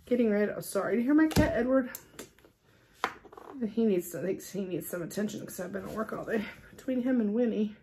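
A middle-aged woman chatting casually to her camera at home. She gushes and gets excitable, talking in a chatty, easy way. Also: medium pitch, brisk. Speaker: stitching vlogger. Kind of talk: casual unboxing chat. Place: at home with a cat.

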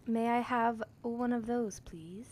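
A woman's voice: on the high side, slow, a little mellow. Chatty, upbeat woman streamer. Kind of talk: casual game role-play.

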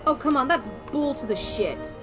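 Brief: an animated, foul-mouthed woman streamer, slightly higher voice, game music behind. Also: moderate pace. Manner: swearing, exasperated, animated reactions. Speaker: streamer playing a video game. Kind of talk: casual let's-play chat.

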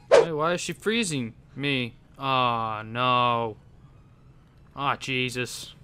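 A young man giving excitable gameplay commentary, laughing often and yelping in surprise. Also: mid-range voice, clean tone. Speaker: gaming YouTuber.

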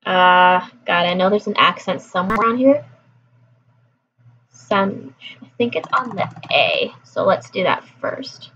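Slow, chatty woman on a dull lo-fi track. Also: medium pitch, expressive, a bit bright, a little hiss or hum. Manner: chatty, repeats app phrases aloud. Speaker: language learner vlogger. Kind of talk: casual chat. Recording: dull lo-fi recording.

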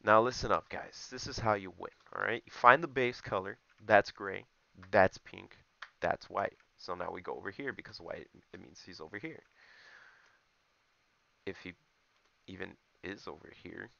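A man's voice: low voice, normal speed, gravelly, sharp tone, muffled recording. A young man giving joking, rambling commentary over his gameplay, talking straight to his viewers. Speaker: gaming YouTuber.

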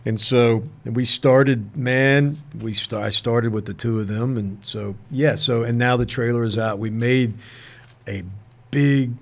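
A man, a guest actor, telling anecdotes in a casual interview, earnest and halting, restarting sentences and often saying "man". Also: medium pitch, steady tone. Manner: peppers speech with "man".

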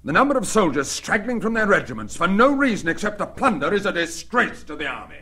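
An actor playing the Duke of Wellington, a stern, aristocratic British commander who speaks crisply and with dry scorn, in a 1960s documentary radio drama. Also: male voice, high-pitched, big pitch swings, quick pace, sharp tone, exaggerated voice.

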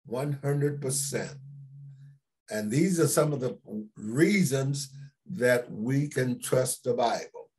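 A man pastor teaching a church Sunday school class, unhurried, repeating key words for emphasis and putting questions to the class. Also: medium pitch, a little mellow, breathy edge.

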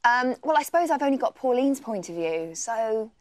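A bubbly, giggly young woman from Australia chats as a TV guest. Her voice sits fairly high and sounds dry and close. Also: very animated, moderate pace, no echo. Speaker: guest presenter. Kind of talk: casual TV interview.

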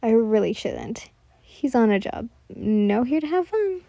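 A calm and loyal young man of the court, gentle and reassuring when he speaks, voiced by a woman reading aloud. The sound is warm and mellow, close and dry with no room around it. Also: fairly high pitch, measured pace, vocal fry, dry recording, muffled recording, exaggerated voice. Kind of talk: storybook reading.

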